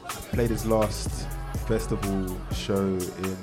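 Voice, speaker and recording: A man's voice: sits low, flat delivery, slow pace, over music. A young man from London with a London accent, a guest musician and DJ telling his story in an earnest, loose way. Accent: London English. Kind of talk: casual interview chat. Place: bar storefront with a live audience.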